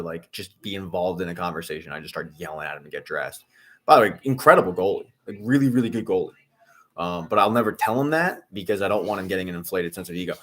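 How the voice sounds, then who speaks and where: Male fan streaming a game, low voice, casual chatter punctuated by loud groans at his team. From Philadelphia area. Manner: exasperated, loud outbursts at bad plays. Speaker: streamer hosting a football watch-along. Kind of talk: casual live-stream commentary.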